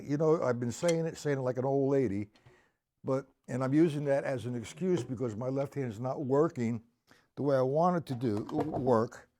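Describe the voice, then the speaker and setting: On a live stream, a man gives a drum lesson from a room with a drum set, patiently talking through exercises in a conversational way and counting beats out loud. His voice sits in the mid-range at a moderate pace, with a bit of hiss or hum and a loud drum kit playing behind him.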